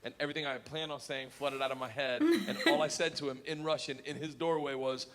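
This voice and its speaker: A male stand-up comedian telling a story on stage, loud and profane, often laughing. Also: high-pitched, lively intonation, brisk, a crowd in the background.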